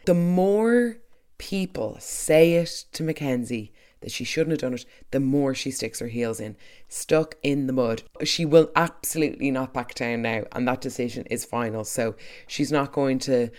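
A speaker giving a chatty, opinionated recap of a soap opera, with quick asides and restarts. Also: mid-range voice. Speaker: soap recap podcast host. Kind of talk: casual chat.

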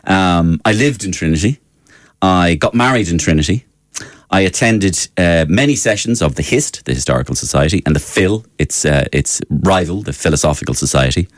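Animated man giving his opinion. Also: deep voice, normal speed, no echo. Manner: emphatic, rising to indignant outbursts with many fillers. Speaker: radio show host. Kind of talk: opinion monologue.

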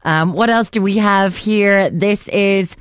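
A woman's voice: medium pitch, takes it slowly, clean tone, no room sound. An Irish woman hosting a casual radio show, chatting, laughing easily and reading out listener messages from a studio mic. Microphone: studio microphone.

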